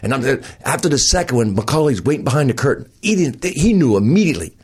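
A man's voice: mid-range voice, husky. A man in his sixties telling stories from his comedy career in a casual interview, acting out other people's lines as he goes. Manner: rapid, animated, acts out others' lines. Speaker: comedian guest.

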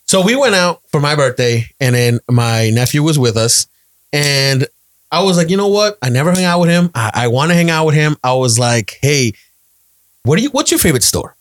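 A man telling a family story in a casual chat, animated and repeating phrases as he acts out quotes. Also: fairly high pitch, normal speed. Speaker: podcast guest, storyteller.

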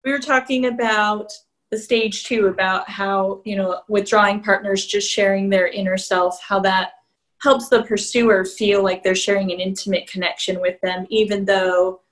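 A woman's voice: medium pitch, steady tone, normal speed, rough recording. A woman co-hosting a conversational podcast as a couples therapist, explaining things and laughing easily.

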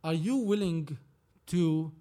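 A man's voice: on the high side, takes it slowly, warm tone. A man from Lebanon who works as a film producer tells a story in a casual interview. He acts out each side of the dialogue and swears freely. His voice sits a little above the usual male range.

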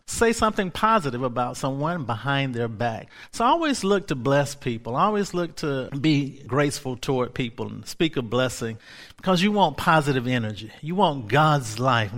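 Earnest male preacher, slightly high voice. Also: fairly bright tone. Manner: earnest, repeats key phrases for emphasis. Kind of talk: sermon.

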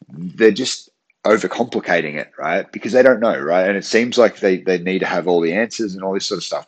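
In a low voice, a man who owns a gym and coaches strength speaks alone on his podcast. The chat is casual but earnest, with restarted phrases and frequent "right?" check-ins.

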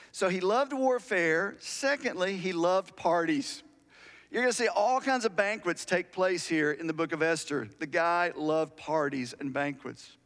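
High-voiced preacher in a reverberant hall. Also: male voice, a bit bright. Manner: conversational storytelling preacher, asks the audience questions. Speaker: pastor. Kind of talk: sermon.

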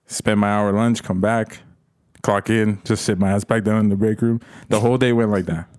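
A man's voice: fairly low pitch, steady tone, normal speed, darkish tone, no echo, studio quality. A young man telling stories in a casual chat, laid-back and swearing freely. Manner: profane, laid-back storytelling.

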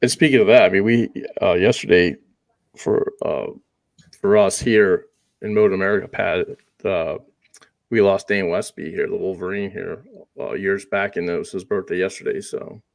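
Gravelly male co-host, low pitch, dry sound, easygoing. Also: fairly even intonation, normal speed, dry recording. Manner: easygoing, offhand remarks. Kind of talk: casual interview chat.

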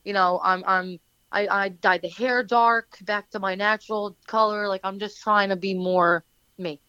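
A woman's voice: medium pitch, fairly even intonation, unhurried, sharp tone, clear, resonant tone, no echo, lo-fi sound. A woman from New Jersey with a New Jersey accent, a wrestler and manager who answers in a rambling, chatty way full of fillers and restarts. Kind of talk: casual interview answers.

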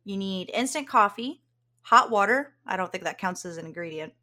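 A woman's voice: medium pitch, lively intonation, moderate pace, pushed and bright. A woman co-hosting a podcast, explaining things in casual chat and laughing often. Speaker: podcast co-host.

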